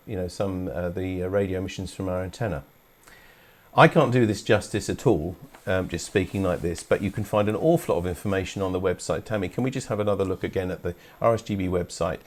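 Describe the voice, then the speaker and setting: A man's voice: sits low, darkish tone. A man from England hosting a live club webcast, talking informally with fillers and restarts. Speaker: host.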